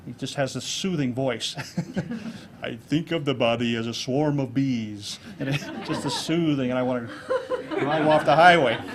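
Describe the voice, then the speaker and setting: A man giving a keynote speech to a club audience on presentation skills, lively and jokey, acting out examples. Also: medium pitch, a little hiss or hum. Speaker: keynote speaker. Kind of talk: public speaking talk on presentation skills. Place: club meeting room with an audience.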